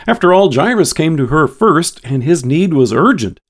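A man's voice: a little high, sing-song, moderate pace. Earnest man reading a devotional. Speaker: devotional speaker. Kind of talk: scripted devotional sermon.

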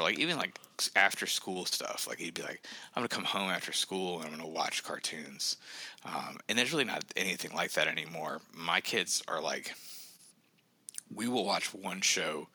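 Brief: male author guest, low-pitched, very forceful edge, rambling chatter full of restarts. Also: husky, no room sound. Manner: rambling, many fillers and restarts. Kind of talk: casual podcast chat.

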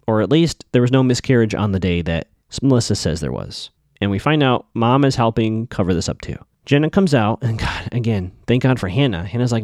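A man's voice: on the low side, lively intonation, fairly quick, few pauses, darkish tone, no echo, studio quality. A man hosting a podcast, giving a casual, opinionated recap of a TV episode with skeptical asides. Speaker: podcast host.

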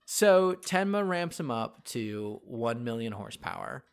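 A man with an average-pitched voice co-hosts a laid-back podcast. He recaps a plot in a chatty way and voices the characters' lines as he retells it. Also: big pitch swings, unhurried, smooth. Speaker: podcast co-host. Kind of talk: casual chat.

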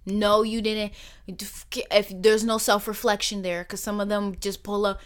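A young adult woman of Caribbean origin hosting a podcast, talking in a personal monologue with emphatic rhetorical questions and soft near-whispered asides. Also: mid-range voice, little pitch movement, a little slow, smooth. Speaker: podcast host.

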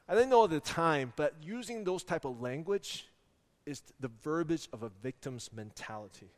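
Animated preacher in an echoing hall. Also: male voice, a little high, moderate pace. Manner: animated, humorous storytelling. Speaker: pastor. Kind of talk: sermon with personal stories. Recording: echoey hall.

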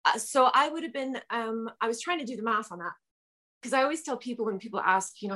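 A woman's voice: fairly high pitch, fast, bright, forceful tone. A woman from Utah in her thirties, a podcast guest, easygoing and hesitant, telling her story with many fillers. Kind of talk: casual storytelling interview.

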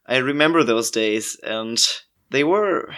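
A man's voice: mid-range voice, expressive, takes it slowly, fairly bright tone. Hesitant man playing a tabletop game. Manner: hesitant, stammering. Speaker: player. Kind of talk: in-character tabletop play.

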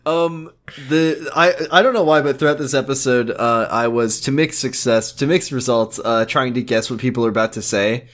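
A man co-hosting a podcast, recapping a show in casual comedic chat, rambling and quick to laugh. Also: medium pitch, fairly bright tone.

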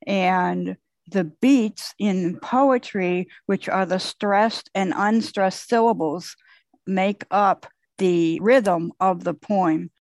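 A woman's voice: mid-range voice, very slow, a little mellow, no echo. A woman speaking as the guest poet on a conference call, patiently explaining with repeated phrases.

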